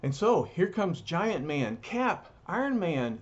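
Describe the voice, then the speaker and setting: Slow, animated comic reader, man. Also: high voice, highs cut off. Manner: animated, pointing out pictures. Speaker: storyteller. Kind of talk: reading a comic aloud.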